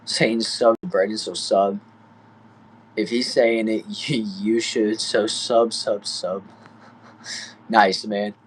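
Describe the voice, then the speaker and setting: A man's voice: lowish voice, flat delivery, slow pace, long pauses, slight background noise. A young man from Texas with a Southern accent, chatting easygoing on a livestream from a small back shed, reading viewer comments and saying y'all and bro. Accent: Southern US, Texan. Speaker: livestream host.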